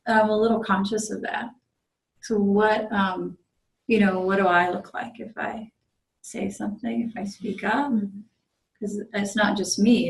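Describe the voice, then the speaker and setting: A woman's voice: mid-range voice, creaky, a little mellow. Zen priest lady telling a story at a meditation group, um-filled and chatty, roomy echo. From United States. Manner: conversational, many fillers and restarts. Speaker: visiting Zen priest giving a dharma talk. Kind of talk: storytelling dharma talk.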